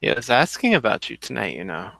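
A man's voice: on the low side, sing-song, fast talker, gravelly, bright, forceful tone, pitched below the performer's own voice, full character voice. A man voicing a flirtatious Russian nightclub hostess with a put-on Russian accent, teasing and coaxing. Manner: teasing, coaxing, calls everyone darling.

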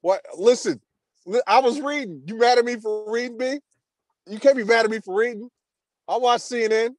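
A man's voice: very high voice, moderate pace, no echo. A man hosting a podcast, teasing his co-host and laughing often in casual chat.

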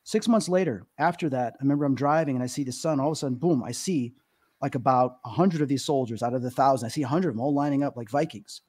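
Earnest man in his fifties, mellow voice. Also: mid-range voice, fast. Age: 50s. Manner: earnest, emotional storytelling with many fillers. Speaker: psychic medium guest. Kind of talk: podcast interview, storytelling.

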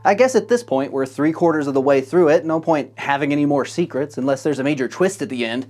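A man's voice: a little high, fast, few pauses, a little mellow. A man narrating a comedic movie recap, with sarcastic, profane asides.

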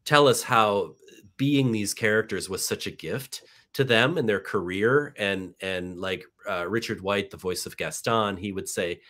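A man with a somewhat low voice talks as an interview guest, relaxed and earnest, often repeating phrases to stress them. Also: measured pace. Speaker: guest, animation director. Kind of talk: casual interview.

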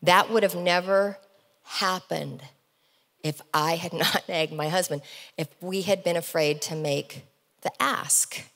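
A middle-aged woman giving a motivational keynote speech on stage, telling stories as a lively, animated storyteller with comic asides. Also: fairly low pitch, takes it slowly, in a large hall. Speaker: keynote speaker. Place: large event hall, on stage.

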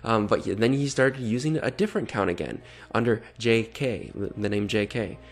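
Speaking briskly in a fairly low voice, a predator-baiting vlogger reads out chat messages and slips in sarcastic, exasperated commentary between them.

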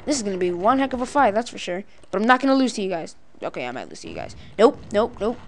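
A woman giving playful, excitable let's-play commentary, letting out cartoonish battle cries and laughs as she fights. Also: mid-range voice, fast talker, a little hiss or hum. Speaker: gaming video creator.

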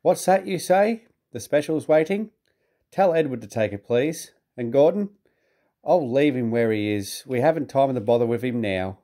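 A man playing a brisk, businesslike male railway boss speaking from his office in a storybook reading. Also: medium pitch, animated, mellow, close to an everyday voice.

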